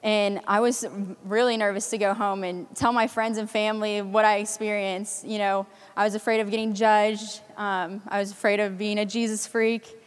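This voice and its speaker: Eighteen-year-old woman, earnest chatty testimony at a youth event, smooth clear voice, hall reverb. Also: medium pitch, flat delivery, moderate pace, few pauses. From Kansas City area, US Midwest. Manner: earnest, frequent ums, chatty storytelling. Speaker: youth conference speaker giving testimony. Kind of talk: personal faith testimony to a crowd.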